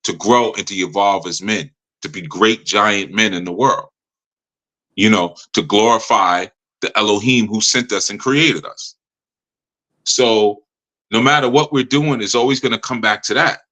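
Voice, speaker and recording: Man, low pitch, bright forceful tone, spiritual teacher, slips into mimicked voices. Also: low-quality recording. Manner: acts out other people's voices in quick quoted asides. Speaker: spiritual teacher leading a live study session. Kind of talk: live teaching with a call-in participant.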